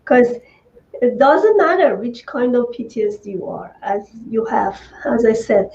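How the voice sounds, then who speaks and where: A woman host, speaking in a measured, reflective way with frequent fillers. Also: a little high, sing-song, dark tone, highs cut off. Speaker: host, coach. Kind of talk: interview talk.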